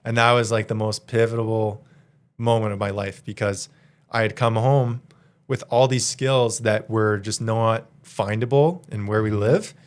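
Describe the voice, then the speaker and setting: A young man in his twenties from Canada, a podcast guest telling a story in a casual, slangy, animated way and laughing as he goes. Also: on the low side, unhurried. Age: 20s.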